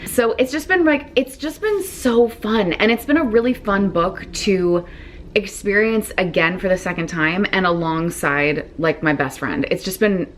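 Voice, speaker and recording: A woman book vlogger chatting casually, excited and gushing, with lots of "like" fillers. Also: on the low side, slight background noise. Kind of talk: casual reading vlog chat.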